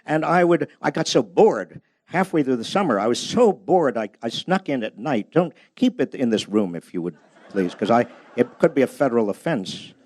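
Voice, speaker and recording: A man's voice: mid-range voice, animated, normal speed, darkish tone, no room sound. An older man giving a humorous, anecdote-filled talk about his book at a public library, storytelling with a self-deprecating edge. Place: public library event space.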